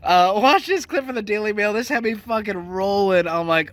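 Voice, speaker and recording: A man's voice: high voice, animated, normal speed, a bit bright. A male host doing casual, profane, sarcastic commentary on news clips.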